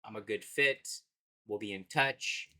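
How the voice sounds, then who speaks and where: A man in his thirties tells personal stories in a relaxed, conversational voice. He sounds reflective and laughs easily as he talks. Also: on the low side, a little slow. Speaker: speaker sharing life stories. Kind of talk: casual personal storytelling.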